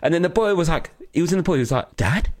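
A man's voice: on the high side, very fast. Guy on a podcast, telling stories, doing little voices for everyone he quotes. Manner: animated storyteller, acts out quoted voices. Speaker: podcast co-host. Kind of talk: casual chat.

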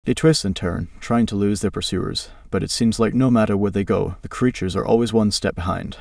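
A man reading a scripted adventure story in a steady, dramatic narration. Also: fairly low pitch, a little fast, creaky, hardly any pauses, no echo. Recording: distant dry mic.

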